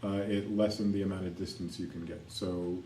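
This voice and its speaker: Guy running a tabletop game, wry and relaxed, echoey room, kinda far from the mic. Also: deep voice, a little fast, a crowd in the background. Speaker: game master. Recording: roomy echo, mic at a distance, faint noise.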